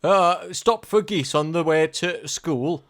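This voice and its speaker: A man's voice: fairly high pitch, measured pace, fairly bright tone, voice pushed up. A man putting on a broad Yorkshire accent as a homely local handing out chores, drawn out and bossy. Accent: put-on Yorkshire.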